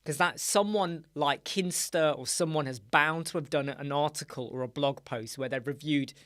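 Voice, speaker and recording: A man hosting a casual live-stream chat show, answering viewers in an animated, chatty way with many fillers and asides. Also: fairly high pitch, moderate pace, dry recording, studio quality. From United Kingdom. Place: small dark room with sound panels.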